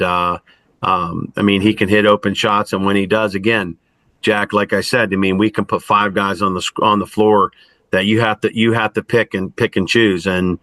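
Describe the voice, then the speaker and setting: Middle-aged coach guy, lowish but bright punchy voice, keeps restarting, says "i mean" a lot. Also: dry recording. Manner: halting, many restarts and fillers like "I mean". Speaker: college basketball coach. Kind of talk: post-game style interview answers.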